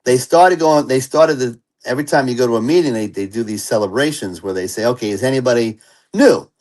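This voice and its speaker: A man who is an interview guest, telling his personal recovery story in an earnest and animated way. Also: mid-range voice, fairly quick, poor audio.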